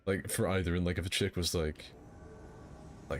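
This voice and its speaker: A man's voice: deep voice, fairly even intonation, moderate pace, slight background noise. A young man hosting a casual gaming stream, rambling through crude jokes and banter. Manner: rambling, crude joking banter with frequent laughs. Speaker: streamer hosting a game fight night.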